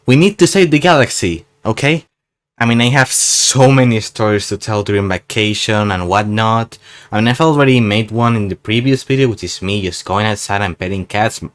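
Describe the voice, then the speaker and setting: A man's voice: on the low side, normal speed. Sarcastic rambling young man. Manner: sarcastic, rambling, tags "okay?" onto sentences. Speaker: gaming YouTuber. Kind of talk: casual voice-over commentary.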